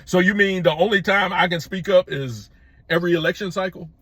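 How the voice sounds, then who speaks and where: A middle-aged YouTube host gives a forceful opinion monologue, repeating himself and restarting with stammered false starts. His high voice is sharp and slightly rough, moving a little fast, and there's no room sound.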